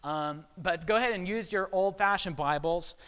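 A man's voice: high-pitched, normal speed, fairly bright tone, smooth, long reverb tail. A man preaching a sermon in a conversational way, often checking in with his listeners. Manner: conversational, frequent "okay?" check-ins.

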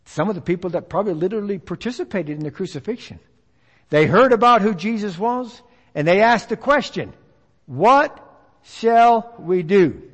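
A man's voice: high voice, a little fast, fairly bright tone, slightly rough, in a large hall. A man preaching a sermon in a church, emphatic and repetitive, building his points as a call and response with the congregation.

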